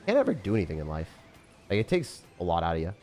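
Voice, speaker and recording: A man streaming gameplay, chatting casually with viewers in a slangy way, with sudden loud excited outbursts. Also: sits low, quick pace. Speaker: gaming streamer.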